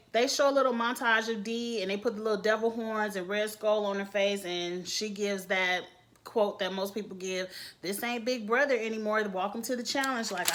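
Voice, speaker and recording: A woman's voice: medium pitch, fairly bright tone. A woman giving blunt, candid, chatty commentary as a reality TV reviewer. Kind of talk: casual opinionated commentary.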